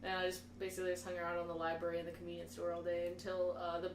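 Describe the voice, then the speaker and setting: A woman's voice: fairly low pitch, very fast. A young woman on a casual podcast, swearing freely and laughing as she tells a story about her teens. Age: young adult. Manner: swears freely, laughs often, animated retelling. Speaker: podcast co-host. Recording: echoey room, mic at a distance, chatter behind.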